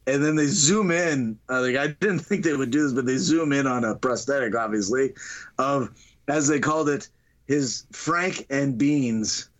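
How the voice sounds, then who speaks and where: A man's voice: mid-range voice, moderate pace. A man on a podcast retelling a funny movie scene in a casual chat, laughing often and acting out the lines in voices. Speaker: podcast co-host.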